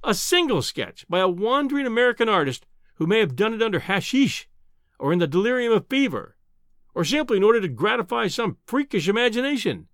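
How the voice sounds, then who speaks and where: A man reads a classic novel aloud with expressive, measured delivery. His voice sits a little high and moves through a lively melodic range. The recording is dry and close, with no room sound. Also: no room sound. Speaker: audiobook narrator. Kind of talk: scripted narration.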